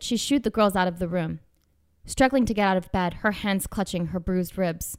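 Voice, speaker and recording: Low-voiced woman narrating a story. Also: no room sound. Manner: measured, dramatic storytelling. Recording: dry close mic with faint music. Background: faint background music.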